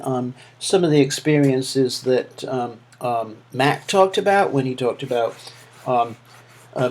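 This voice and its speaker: A man with a Manchester accent giving recorded course feedback as a lecturer, talking hesitantly with many fillers and restarts. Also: mid-range voice. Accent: Manchester English. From England. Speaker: university lecturer.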